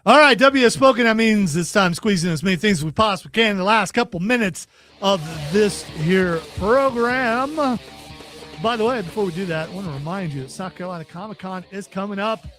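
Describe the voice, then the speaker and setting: A man's voice: high voice, fairly bright tone. A man hosting a casual podcast, folksy and joking as he runs through event news. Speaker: podcast host. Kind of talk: casual chat.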